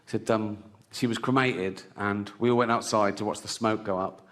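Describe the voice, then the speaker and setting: A man's voice: fairly even intonation, moderate pace, a bit bright. English male comedian, conversational stand-up in a theatre, long hall reverb. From England. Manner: conversational, keeps adding "right?", bursts into high laughing voices. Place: large theatre stage. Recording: live hall with audience.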